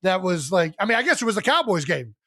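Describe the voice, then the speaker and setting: A man's voice: high-pitched, very animated, fast talker, pushed and bright, no room sound, clean studio sound. A man co-hosting a podcast, talking casually with lots of "like" and easy laughs. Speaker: podcast co-host. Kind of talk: casual chat.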